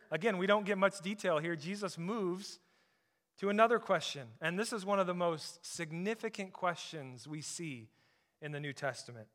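A man preaching a sermon as pastor, emphatic, often dropping to a soft, intense tone on key points. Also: sits high.

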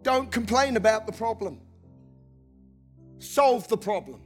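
A man preaching a passionate sermon, shouting and lilting into a sing-song delivery. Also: high voice, expressive, unhurried, faint music behind. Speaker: pastor.

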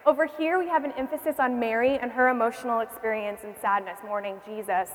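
A woman's voice: fairly high pitch, fairly even intonation, fast talker. A young woman teaching a church history class who asks her listeners questions and repeats their answers. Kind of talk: classroom lecture. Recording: long reverb in a hall.

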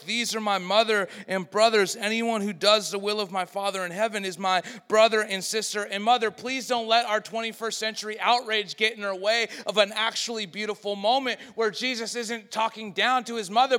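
Guy preaching a sermon, high bright voice, big echoey hall. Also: steady tone, normal speed, few pauses. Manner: swings between loud and hushed, acts out quoted voices. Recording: long hall reverb.

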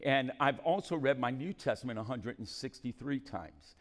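A male pastor preaching a sermon, moving between calm scripture reading and loud, shouted exhortation in a church. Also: mid-range voice, normal speed, big-room sound. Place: church hall.

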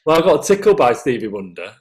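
A man's voice: mid-range voice, big pitch swings, quick pace, a little mellow. A man with a Northern English accent, a singer telling anecdotes as an interview guest and laughing at his own stories. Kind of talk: casual anecdotal chat.

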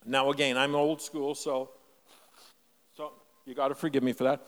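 An older man from Canada preaching a sermon, telling a personal story with emphatic shifts between loud and soft delivery. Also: medium pitch, little pitch movement, normal speed, pauses often, long reverb tail. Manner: storytelling, emphatic, varies loudness widely. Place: church.

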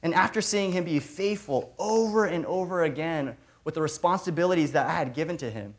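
A preacher giving a sermon to a large room of people, talking emphatically, repeating key phrases and swinging between loud and soft. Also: medium pitch, brisk. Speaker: preacher, regional ministry director. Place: large room with a big audience.

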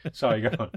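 A man's voice: dry recording, clean studio sound. A man co-hosting a casual film chat, teasing and egging on his partner. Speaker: podcast co-host. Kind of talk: casual chat about films.

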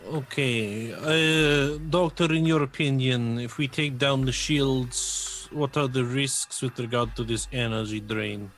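A man's voice: medium pitch, steady tone, slow pace, hardly any pauses, a bit bright, slight background noise. A man playing a tabletop game, giving orders with hesitant fillers. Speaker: player. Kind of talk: casual tabletop game talk.

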